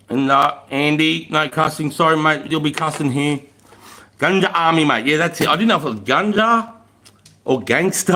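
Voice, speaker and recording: Easygoing, swearing Australian bloke live. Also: male voice, fairly high pitch, sharp tone. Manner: laid-back, swears freely, laughs easily, lots of mate and bro. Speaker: livestream host. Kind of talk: casual livestream chat reading out viewer comments. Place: indoors at home by a wood fire.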